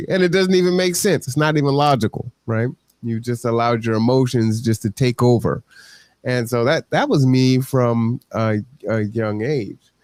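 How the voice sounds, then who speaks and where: A man's voice: medium pitch, a little mellow, dry recording. A man hosting a podcast, talking in a reflective, conversational way and often checking in with the listener. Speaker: podcast host. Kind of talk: reflective casual talk.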